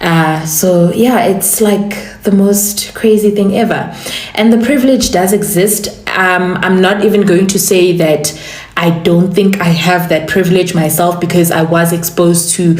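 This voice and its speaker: A woman giving emphatic commentary, stressing words slowly. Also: fairly low pitch, fairly even intonation, a little mellow. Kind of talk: casual commentary. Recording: echoey room.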